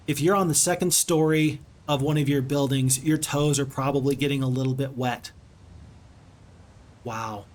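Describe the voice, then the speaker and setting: Speaking at normal speed in a mid-range voice, a strategy-game streamer talks with his viewers in an expressive, casual way, frequently letting out exclamations.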